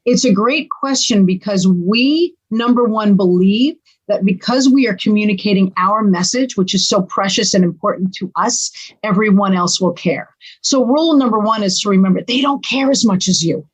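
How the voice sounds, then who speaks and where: A middle-aged woman speaks as a podcast guest in casual conversation. She is animated and dramatic and slips into little acted-out quotes. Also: mid-range voice, normal speed, slightly rough, poor audio.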